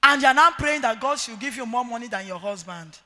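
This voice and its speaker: A middle-aged woman with a Nigerian accent, preaching an emphatic sermon to women with shouted, sing-song rises. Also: on the high side, lively intonation, fairly quick, faint music behind. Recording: reverberant hall.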